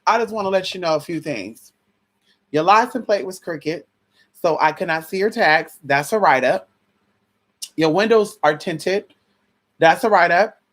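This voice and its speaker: A woman quoting a calm, condescending male police officer in a measured, official tone. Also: fairly low pitch. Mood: matter-of-fact.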